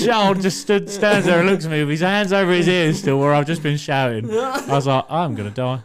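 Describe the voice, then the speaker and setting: A young man co-hosts a podcast and tells stories in casual chat, swearing freely. His pitch sits a bit high and swings widely as he acts out the scenes. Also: moderate pace, a crowd in the background. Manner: swears a lot, animated retelling with laughter. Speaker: podcast co-host.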